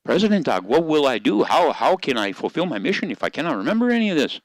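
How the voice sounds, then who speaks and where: An earnest young-hearted dog healer speaks up in a higher, eager voice, humble and keen. The sound is close and dry. An old man puts the voice on while telling the story. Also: sing-song, fast, no echo. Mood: anxious.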